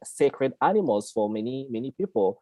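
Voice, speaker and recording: A man's voice: mid-range voice, animated, normal speed, dark tone, no echo. A man, speaking in a casual explanatory way. He laughs often, repeats words and keeps checking in with "you know" and "all right". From Congo. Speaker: guest speaker on Kongo spirituality.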